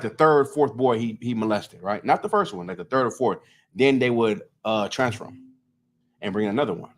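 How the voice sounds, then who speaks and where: A man's voice: lowish voice, slight background noise. Male scripture teacher, casual and talkative, keeps asking if the group follows. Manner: loose and talkative, constantly checking in with listeners. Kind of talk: conversational street-style scripture teaching.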